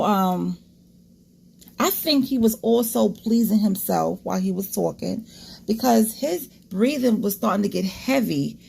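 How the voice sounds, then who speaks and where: Woman host, gravelly tone, frank casual commentary to her audience. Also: mid-range voice, darkish tone. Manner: candid, disgusted asides, talks straight to viewers.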